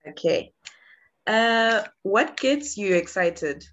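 A woman's voice: mid-range voice, lively intonation, takes it slowly, a bit bright, dull audio, slight background noise. A woman hosting a podcast, asking questions in a casual, encouraging way and laughing often. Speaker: podcast host. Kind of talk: casual interview chat.

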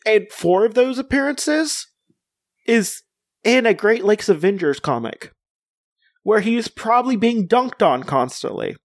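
Male podcast co-host, rambling and casual, a bit high, dry mic. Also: sing-song, a little slow, no echo. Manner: rambling, full of "like" fillers and restarts. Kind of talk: casual chat.

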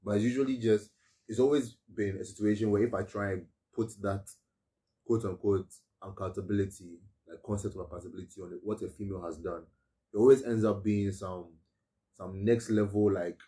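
Guy on a podcast, low dark voice, rambling and restarting a lot. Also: steady tone, recorded from a distance. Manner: talks fast with many restarts and fillers. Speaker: podcast co-host. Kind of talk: casual chat.

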